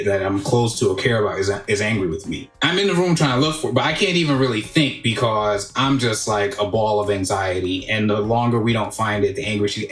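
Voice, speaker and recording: A man's voice: on the low side, reverberant. A man hosting a casual conversation, chatty and thinking aloud with many restarts. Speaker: podcast host.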